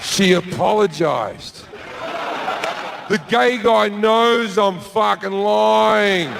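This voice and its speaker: A man's voice: sits high, extremely slow, gravelly, crowd noise, background noise. A man with an Australian accent doing stand-up, brash and profane, acting out all the characters in his story. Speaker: stand-up comedian.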